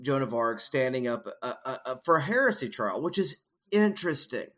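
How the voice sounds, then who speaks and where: A man's voice: medium pitch, big pitch swings, fairly quick, a bit bright. A man co-hosting a casual film discussion, explaining ideas at length in a thoughtful way with frequent fillers. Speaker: podcast co-host.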